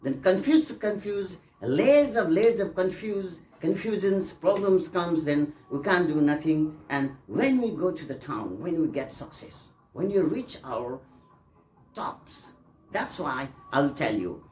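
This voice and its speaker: A man's voice: a little high, animated, measured pace, darkish tone, slight background noise. A man teaching an English pronunciation lesson, repeating examples and coaxing his students, often checking they follow. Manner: repetitive, coaxing, with frequent checks for understanding.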